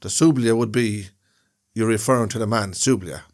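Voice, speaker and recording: A man's voice: on the low side, normal speed. A man co-hosting a podcast in casual chat, explaining things at length with long rambling examples. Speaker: podcast co-host.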